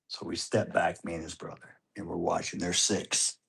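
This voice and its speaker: Gravelly middle-aged man telling a story. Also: sits low, normal speed, hardly any pauses. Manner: animated, swings from hushed to loud and excited. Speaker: grieving father being interviewed. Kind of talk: emotional storytelling in an interview.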